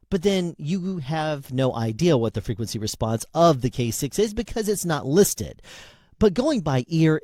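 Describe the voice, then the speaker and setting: A man talking up close into a handheld dynamic mic in a small room at home, his pitch bouncing around as he reviews the gear. The sound is dry, with no roominess around his voice. His delivery is relaxed and conversational, like a hands-on demo. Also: no echo. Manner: conversational, demonstrating into different mics. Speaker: product reviewer. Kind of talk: casual product review demonstration. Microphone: handheld dynamic microphone, close.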